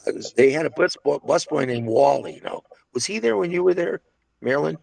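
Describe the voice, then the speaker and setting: A man's voice: a little high, lively intonation, brisk, gravelly, darkish tone, no room sound. An older man reminiscing casually about his restaurant days, a rambling storyteller full of restarts and asides. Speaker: interviewee recalling restaurant days.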